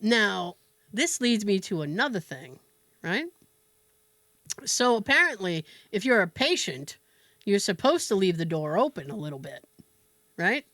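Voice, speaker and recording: A woman hosting a podcast, telling a story in a casual, animated way with laughs and swearing. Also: medium pitch, unhurried, pauses often, no room sound. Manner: animated, laughing, profane, with fillers. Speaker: podcast host.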